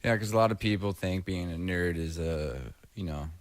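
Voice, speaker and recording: A man's voice: deep voice, moderate pace, no room sound. A man co-hosting a podcast in casual chat, crude and joking. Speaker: podcast co-host.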